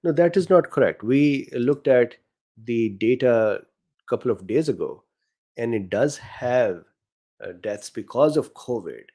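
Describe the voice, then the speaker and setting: A man's voice: medium pitch, animated, a little slow, mellow. A middle-aged man with a non-native English accent hosts a casual live session, reading viewer questions aloud and answering them with frequent fillers.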